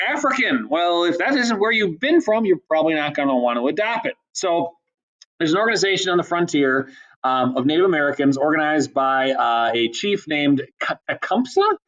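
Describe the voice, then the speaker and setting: A man teaching a history class in a casual, chatty lecture style, with many ums and quick asides. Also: on the high side, a bit bright, poor audio.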